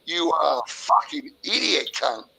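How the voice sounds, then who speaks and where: A man on a livestream call, shouting and swearing in an aggressive, heated rant. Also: fairly high pitch, very animated, measured pace, vocal fry, heavy background noise. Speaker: caller in a livestream debate.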